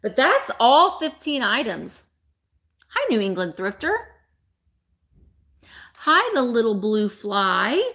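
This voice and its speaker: A woman's voice: on the high side, sing-song, takes it slowly, long pauses, a bit bright. A woman hosting a live online sale, chatting playfully with viewers by name and laughing often. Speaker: live-sale host selling vintage items. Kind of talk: casual live-stream auction chat.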